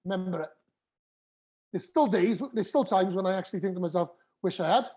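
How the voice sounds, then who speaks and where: A man in his forties, once a rugby player and now a podcast guest, tells his story candidly and with real feeling, often swearing and starting over. His voice is high-pitched and brisk with a dark tone.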